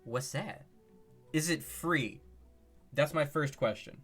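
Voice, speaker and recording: A man streaming live, chatting casually with his viewers in an excitable way, laughing often and firing off questions. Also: a little high, takes it slowly, husky, faint music behind.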